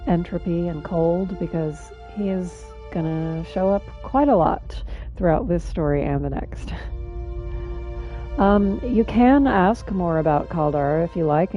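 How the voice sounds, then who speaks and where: A woman's voice: low-pitched, highs cut off. A woman streaming and narrating a video game story for friends in a casual, chatty way.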